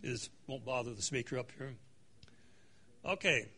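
A man's voice: mid-range voice, unhurried, sharp tone, slightly rough. A man leading a conversational Bible study in a church room, reading scripture dramatically and adding joking asides.

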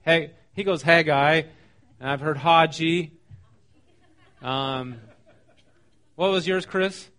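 A man preaching a casual, conversational sermon, often asking his listeners questions and pausing with "um". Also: a little high, fairly bright tone. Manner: conversational, asks the room questions, frequent ums. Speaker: pastor.

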